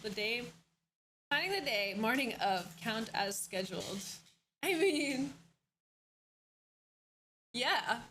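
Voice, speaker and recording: Chatty high-voiced young woman streamer. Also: expressive, slow pace, long pauses, a bit bright, a little hiss or hum. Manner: chatty, laughs often, greets viewers. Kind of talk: casual live-stream chat.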